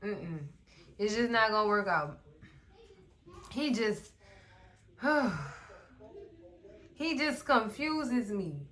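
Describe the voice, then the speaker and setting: A woman in casual recap commentary, animated and sassy, often talking straight to the characters. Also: mid-range voice, drawn-out words, pauses often. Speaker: recap vlogger.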